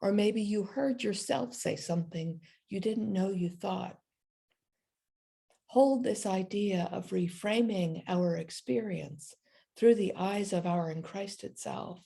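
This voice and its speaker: A woman minister giving a sermon, telling a story and then leading a slow, meditative prayer. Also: mid-range voice, creaky, warm tone, slightly rough.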